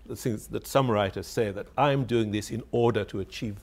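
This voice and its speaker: Low gravelly man, hesitant and reflective. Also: moderate pace. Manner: hesitant, repeats words while searching for phrasing; wry, laughs while telling a story. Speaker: author interviewed on radio. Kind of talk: reflective spoken reminiscence.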